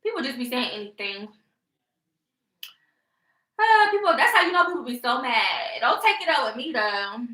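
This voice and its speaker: A young woman speaking rants on a casual livestream, sassy and mocking with frequent laughter. Her voice sits high and sounds bright and sharp. The room around her is echoey. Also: sing-song, normal speed, long pauses. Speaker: vlogger.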